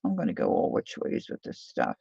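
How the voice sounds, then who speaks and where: This craft livestream host talks a little fast in a dark-toned voice, rambling and self-deprecating as she calls out viewers by name. The audio is dry and has a dull lo-fi character.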